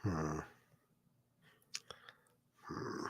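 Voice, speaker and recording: A man's voice: very slow, no echo, studio quality. A man hosting a casual livestream, telling stories and talking in a blunt, profane way while answering his chat. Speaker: livestream host reading chat.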